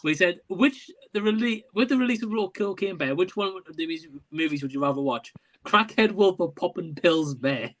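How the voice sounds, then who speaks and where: A man hosting a casual livestream talk show, relaxed, reading out viewer comments. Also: high-pitched, normal speed. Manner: relaxed, laughs along, reads out comments. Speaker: host.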